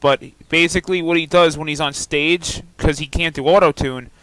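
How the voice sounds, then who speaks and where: A man's voice: a little high, fairly even intonation, normal speed, a bit bright, clear, resonant tone, no echo, rough recording. A man co-hosting a talk radio show, chatty and hesitant, with many restarts. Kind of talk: casual talk-radio chat.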